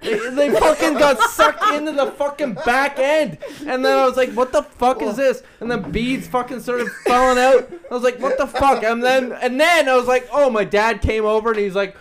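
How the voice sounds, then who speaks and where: A man's voice: extremely high pitch, moderate pace, few pauses, a crowd in the background. A young man telling stories in casual chat, swearing constantly and acting out the people in them. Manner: swears constantly, animated storytelling.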